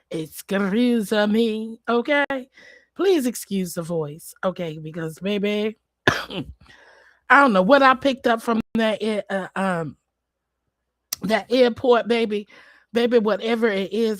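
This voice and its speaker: A woman hosting a casual livestream, hoarse and apologizing for her voice, greeting viewers by name in a chatty, familiar way. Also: medium pitch, slow, no room sound, studio quality. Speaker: livestream host.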